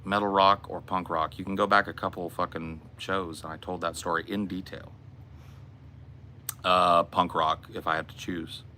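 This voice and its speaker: A man's voice: low-pitched, level tone, normal speed, sharp tone, a little hiss or hum. An American man hosting a casual Q and A, blunt and laid-back, swearing often. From United States. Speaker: podcast host. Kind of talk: casual Q and A with chat.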